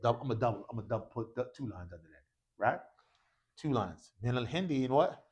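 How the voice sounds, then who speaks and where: Man, Arabic teacher, mosque classroom, lively swinging pitch, slangy asides. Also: a little fast, muffled recording. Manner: animated, calls for repetition, slangy asides. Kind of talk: classroom grammar lesson.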